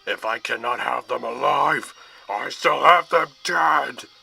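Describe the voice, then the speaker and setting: A man voicing a vengeful male manticore monster in a storybook reading, with slow drawn-out threats and a strained, altered timbre. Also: mid-range voice, creaky, pushed and bright, slightly rough, faint music behind, exaggerated voice. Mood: menacing. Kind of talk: storybook voice acting.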